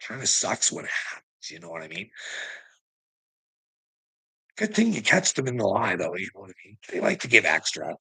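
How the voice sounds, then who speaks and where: A man with a gravelly voice in an angry, profane rant, laughing between lines and tagging sentences with "eh" and "you know what I mean". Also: lowish voice, wildly swooping pitch, moderate pace, long pauses, pushed and bright. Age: adult, father of grown sons. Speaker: vlogger ranting to camera.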